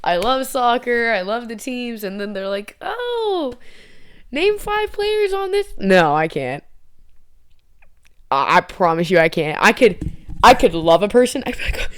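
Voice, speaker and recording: A woman's voice: medium pitch, moderate pace, clear, resonant tone. A young woman chatting casually to camera as a vlogger, rambling, giggly and poking fun at herself. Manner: rambling, giggly, self-mocking.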